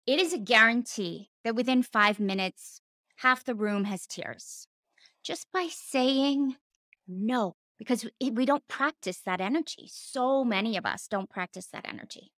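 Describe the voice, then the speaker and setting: A woman's voice: on the high side, lively intonation, a little slow, fairly bright tone, dry recording, studio quality. A woman hosting a podcast, a former therapist speaking in an earnest, emphatic reflective monologue, stressing points by repeating words and sometimes laughing or swearing casually.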